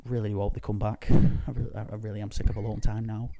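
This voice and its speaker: A man chatting on a podcast as a guest, animated and full of swearing and impressions. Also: fairly low pitch, quick pace, no room sound. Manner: animated storyteller, swears often, does voices of people. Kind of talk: casual chat.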